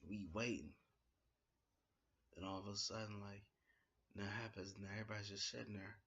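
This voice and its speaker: A man giving a casual spoken review of a wrestling show, retelling it in an excitable, slangy way with plenty of fillers. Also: fairly low pitch, fairly quick, slightly rough, muffled recording.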